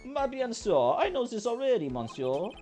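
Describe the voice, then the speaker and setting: A man voicing a flamboyant, fussy male restaurant owner in a comic fake Italian accent, high and sing-song. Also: sing-song, normal speed, a little mellow, faint music behind. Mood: theatrical. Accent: put-on comic Italian accent.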